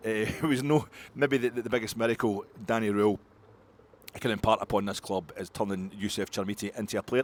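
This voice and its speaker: A middle-aged Scottish man hosting a fan's post-match reaction, rambling excitably between muttered asides and loud outbursts. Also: on the low side, fairly quick. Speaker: football podcast host.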